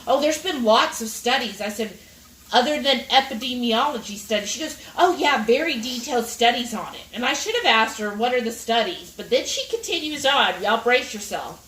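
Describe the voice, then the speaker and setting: A woman's voice: a little high, moderate pace. A woman chatting with viewers and telling a long story while she cooks in her home kitchen. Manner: animated, addresses viewers directly. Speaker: cooking vlog host. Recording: roomy kitchen, mic at a distance, faint sizzling.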